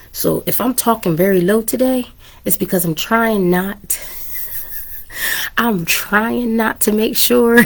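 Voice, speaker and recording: Woman podcast host, candid and chatty, slightly gravelly, a bit under the weather, low mic level. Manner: chatty, candid, laughs often. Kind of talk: casual chat. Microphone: microphone turned down low.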